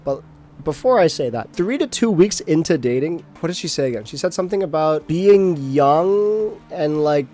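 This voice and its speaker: A man's voice: fairly high pitch, expressive, normal speed, dark tone. A young adult man streaming, telling a personal story in a rambling, self-mocking way with frequent restarts and swearing.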